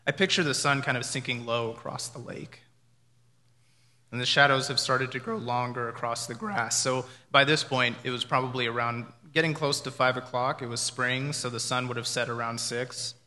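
A man's voice: medium pitch, normal speed, pushed and bright. A man preaching a sermon in a conversational, reflective way, often acting out what people might have said. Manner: conversational, reflective, with imagined dialogue. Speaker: pastor. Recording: reverberant hall.

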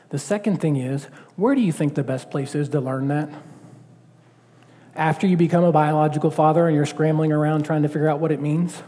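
A male pastor preaches in a loose, conversational way and keeps asking the congregation questions. His voice sits slightly high and sounds mellow. A long reverb from the church hall hangs after his phrases. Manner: conversational, animated, full of rhetorical questions. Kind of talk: sermon.

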